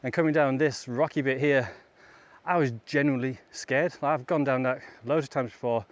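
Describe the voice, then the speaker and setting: A man's voice: mid-range voice, fairly even intonation, normal speed. A man vlogging outdoors on a bike trail, chatting casually and laughing often between remarks. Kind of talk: casual chat while riding.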